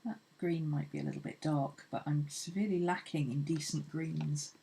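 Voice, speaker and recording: A woman's voice: low-pitched, fairly even intonation, moderate pace, gravelly, mellow, slight background noise. A woman hosting an art channel, chatting casually and rambling cheerfully as she sketches. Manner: chatty, rambling, laughs easily. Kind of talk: casual chat while sketching.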